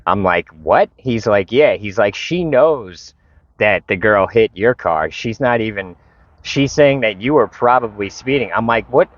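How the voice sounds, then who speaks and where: Low-voiced man ranting, dull lo-fi sound. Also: measured pace, no room sound. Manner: frustrated, profane, retells conversations. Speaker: vlogger. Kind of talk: casual storytelling rant. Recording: dull lo-fi recording.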